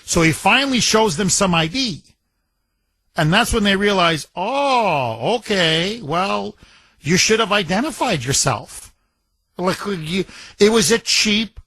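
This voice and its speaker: Emphatic high-voiced male talk host. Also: slightly rough, no echo. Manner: emphatic, repetitive, animated retelling with quoted voices. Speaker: radio talk show host. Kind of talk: opinionated political talk radio.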